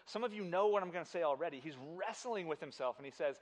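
A man preaching to a congregation in an emphatic, animated way, often doubling his words as he speaks directly to the room. His voice sits a little higher than most men's. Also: fast. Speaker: pastor. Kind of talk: sermon.

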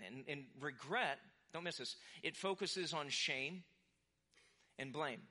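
Young male pastor, bright and forceful sermon voice, casual storyteller. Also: a little high, unhurried. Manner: animated, acts out quoted voices.

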